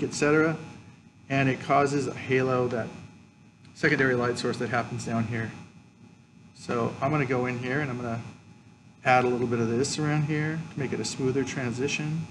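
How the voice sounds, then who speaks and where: A man's voice: medium pitch, background noise. A man teaching a colored pencil drawing lesson, explaining each step as he works. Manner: explains step by step, frequent "okay". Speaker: art teacher. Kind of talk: drawing tutorial with demonstration.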